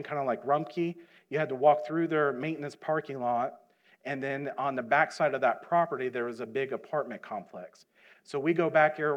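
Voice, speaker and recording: Man preaching a folksy missionary sermon. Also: medium pitch. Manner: folksy storytelling, rising to emphatic preaching. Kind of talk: sermon with personal story. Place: church sanctuary.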